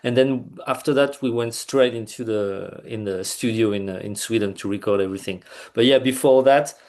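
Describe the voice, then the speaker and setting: A man, a band's bassist, chatting loosely as an interview guest over a video call, with lots of fillers and restarts. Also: normal speed, a little mellow. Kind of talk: casual interview chat.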